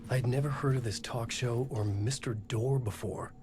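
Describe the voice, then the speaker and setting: An actor playing a troubled writer in a game, narrating in a brooding inner monologue. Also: male voice, mid-range voice, steady tone, moderate pace, natural voice. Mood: uneasy. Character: troubled adult male writer narrating his ordeal.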